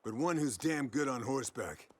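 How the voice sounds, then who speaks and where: A man's voice: medium pitch, expressive, moderate pace, a little mellow, slightly rough. An actor playing a good-humored, middle-aged male monster hunter who ribs his friend with playful banter in game dialogue. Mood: teasing.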